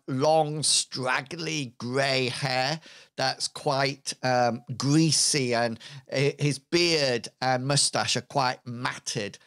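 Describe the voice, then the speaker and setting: A man narrating a tabletop game as game master, slow and halting, with many fillers. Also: medium pitch, a bit bright.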